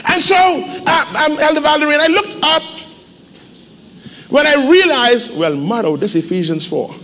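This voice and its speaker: A man pastor preaching a sermon in a church, animated and urging the congregation to respond. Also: extremely high pitch, unhurried, big-room sound. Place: church sanctuary.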